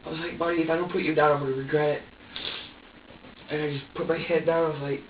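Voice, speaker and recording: A man being questioned by police, talking haltingly with many restarts and acting out his own past words. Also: a little high, level tone, noisy background. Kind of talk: police interrogation. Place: interrogation room. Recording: distant echoey phone-like archive audio.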